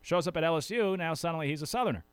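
A man's voice: fairly high pitch, very fast, clear, resonant tone, dry recording. A man hosting a sports talk show in a casual, rambling way, often correcting himself mid-sentence. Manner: chatty, rambling, self-correcting.

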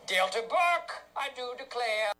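An actor playing a man faking a Southern gentleman accent with an exaggerated drawl, in a sitcom scene. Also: very high-pitched, animated, a little slow, heavily acted. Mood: showy. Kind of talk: TV sitcom acting.

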